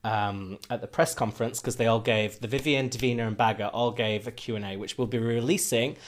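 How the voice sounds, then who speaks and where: A man's voice: medium pitch, steady tone, fairly quick. A man co-hosting a podcast, chatting casually with sarcastic, rambling jokes. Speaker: podcast co-host. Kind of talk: casual recap chat.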